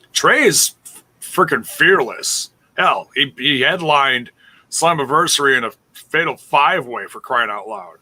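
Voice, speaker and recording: A man co-hosting a wrestling podcast, with a bright, forceful voice that swings up and down a great deal. He speaks slowly and lays out his opinion firmly. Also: medium pitch, low-quality recording. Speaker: podcast co-host. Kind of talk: casual wrestling review chat.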